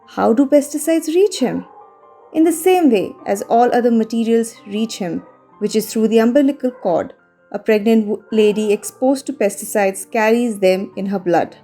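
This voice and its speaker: A woman narrating a scripted story in a measured, calm and careful voice. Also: fairly high pitch. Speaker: voice-over narrator. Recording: faint music behind the voice.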